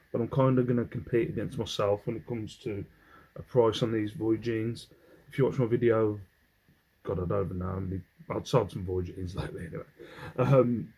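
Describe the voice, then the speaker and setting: A lowish, dark, husky voice belongs to an English reseller showing off his clothing haul on a rough recording. He wanders off into rambles and hums between pieces.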